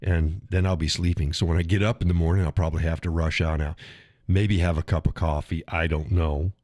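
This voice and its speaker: A middle-aged man with a very low voice talks casually to his live stream audience. He rambles, restarts phrases and chuckles often. The sound is dry and close, with no room echo. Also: steady tone, fairly quick, a little mellow. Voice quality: chuckles often while talking. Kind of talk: casual solo chat.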